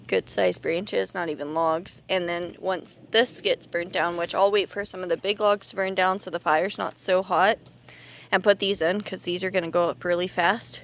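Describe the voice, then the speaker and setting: A woman's voice: medium pitch, a little hiss or hum. A woman in her thirties, a little out of breath, chatting and thinking aloud as she films her yard work outdoors on a handheld camera. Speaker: homesteading vlogger. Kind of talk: casual outdoor vlog narration. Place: outdoors in a yard clearing brush.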